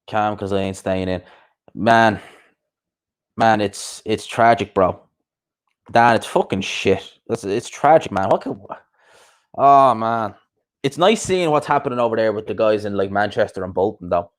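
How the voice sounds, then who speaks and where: A man's voice: lowish voice, unhurried. A young man hosting a boxing talk show, ranting bluntly and heatedly, swearing and repeating himself. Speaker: boxing podcast host. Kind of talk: casual ranting commentary.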